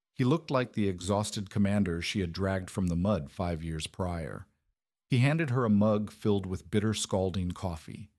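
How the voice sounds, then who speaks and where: Low-voiced male story narrator. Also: a little mellow, no room sound, studio quality.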